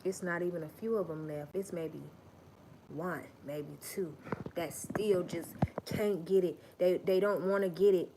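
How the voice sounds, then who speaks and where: A woman's voice: on the low side, fairly even intonation, unhurried, background noise. A woman hosting a livestream, giving an emphatic, profane and repetitive motivational talk. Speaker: livestream host.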